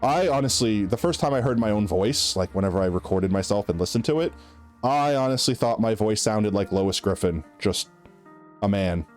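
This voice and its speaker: A man's voice: on the low side, lively intonation, normal speed, a little mellow. A man streaming live with a somewhat nasal voice that swings up and down a great deal as he rambles to his chat. His talk is loose and casual, full of "like" and "right?", with faint game music under it. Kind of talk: casual chat while gaming.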